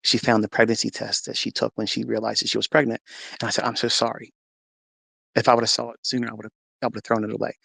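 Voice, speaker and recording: Gravelly man telling a personal story. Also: mid-range voice, monotone, fast talker, bright, forceful tone, dry recording. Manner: earnest storytelling, acts out quotes with rising intensity. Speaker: host. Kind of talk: personal testimony to a live audio room.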